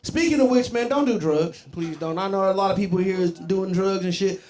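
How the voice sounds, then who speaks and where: Stand-up comic from Columbus, Ohio, very high voice, rambling and profane with the crowd, echoey club mic with laughter. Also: male voice, fairly quick. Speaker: stand-up comedian. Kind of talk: stand-up comedy set. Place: comedy club stage.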